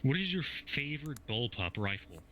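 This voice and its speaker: Bright-voiced joking podcast guest man. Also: mid-range voice, sing-song, moderate pace, slight background noise, poor audio. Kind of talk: casual podcast chat.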